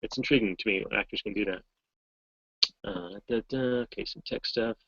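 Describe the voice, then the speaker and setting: A man's voice: lowish voice, a little fast, vocal fry, a bit bright, husky, no echo, muffled recording. Rambling wry man on a video call. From Massachusetts, US. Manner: rambling, self-correcting, wry. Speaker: voice actor guest. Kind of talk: casual chat in a video hangout.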